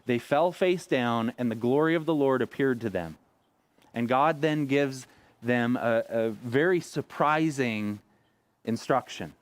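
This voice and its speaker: A man in his thirties delivers a sermon in a relaxed, conversational way, now and then voicing the people he quotes. His voice sits in a middle pitch. The sound is dry and close. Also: dry recording. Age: 30s. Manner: conversational preaching, acting out quoted lines. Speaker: pastor. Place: church sanctuary.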